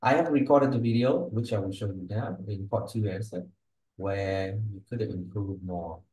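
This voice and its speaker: A man teaches English and gives exam feedback in a patient, explanatory manner, frequently checking in by tagging his sentences with "okay?" and "huh?". His voice is on the low side and dark, at a normal speed, recorded with poor audio in an echoey room.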